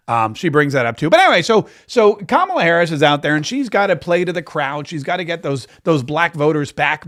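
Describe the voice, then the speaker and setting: A male talk radio host with a voice a little higher than most men's. He delivers opinionated political commentary in a sarcastic, mocking tone. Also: a bit bright. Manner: sarcastic, mocking asides with laughs.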